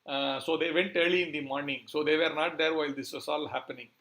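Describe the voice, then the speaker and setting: Male preacher, fairly high voice, halting delivery with many fillers. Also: fairly even intonation, fairly bright tone. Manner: hesitant, many fillers, searching for words. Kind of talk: scripture storytelling talk.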